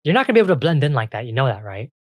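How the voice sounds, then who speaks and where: A game master voicing an impatient young female ice fairy who talks high, loud and in rapid bursts. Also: sing-song, no echo, full character voice. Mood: exasperated.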